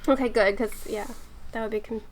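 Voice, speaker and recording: A woman's voice: on the high side, steady tone, fairly quick, a little hiss or hum. A woman co-hosting a podcast in casual chat, giggly and self-conscious, laughing often. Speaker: podcast co-host.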